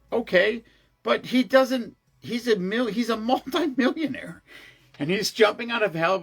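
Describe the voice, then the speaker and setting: A man's voice: a little high, creaky, fairly bright tone. A man chatting casually and telling a story, rambling and restarting his sentences often, with blunt, profane asides. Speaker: show regular. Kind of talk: casual chat.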